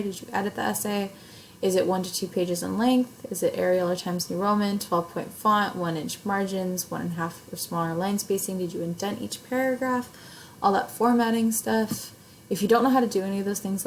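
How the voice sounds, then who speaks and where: Speaking in a medium-pitched, darkish voice, a young adult woman who teaches English explains an assignment to her camera, going step by step, casually and with many fillers. She is recording at home or in a class setup. Slight hiss or hum runs through the low-quality audio.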